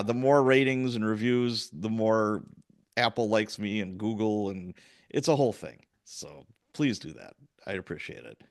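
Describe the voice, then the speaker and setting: A man's voice: mid-range voice, no room sound, studio quality. Male podcast host, Chicago-Wisconsin accent with a hint of Irish, easy laugh, casual. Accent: Chicago and Wisconsin, with some Irish influence. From US Midwest. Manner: laughs easily, joking. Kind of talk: casual chat.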